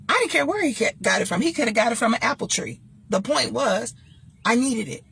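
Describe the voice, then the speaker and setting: A woman's voice: a little high, lively intonation, brisk, creaky, fairly bright tone, slight background noise. A woman hosting her own show, giving emphatic, blunt advice and telling a personal story in a casual monologue. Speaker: talk show host and former radio DJ.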